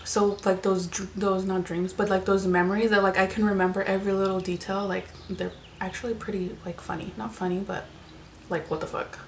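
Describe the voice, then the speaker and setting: A woman's voice: mid-range voice, little pitch movement, fairly quick, few pauses, slight background noise. Chatty young woman telling a story. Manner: chatty, lots of "like" fillers and swearing. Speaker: vlogger. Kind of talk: casual storytime while eating.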